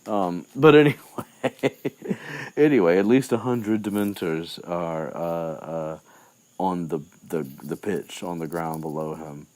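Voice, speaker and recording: A man's voice: sits low, slow, a little mellow. A man recapping a book chapter in loose, rambling chat, with lots of fillers and restarts. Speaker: podcast host.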